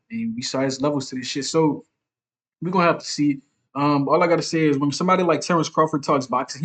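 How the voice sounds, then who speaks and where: Casual man breaking down boxing. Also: mid-range voice. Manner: conversational, keeps checking in with "right?". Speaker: boxing commentary channel host. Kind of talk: casual solo boxing commentary.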